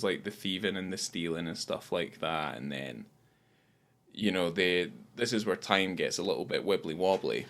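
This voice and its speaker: A Scottish man with a fairly low voice talks through a film in a loose, casual way. He swears freely and acts out lines from the scenes as he goes, as a podcast co-host. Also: a bit bright.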